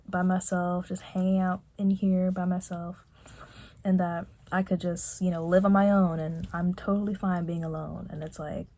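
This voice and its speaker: A young woman vlogging reflectively from her bedroom, talking softly and haltingly with many fillers and restarts. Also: on the low side. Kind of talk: reflective personal vlog.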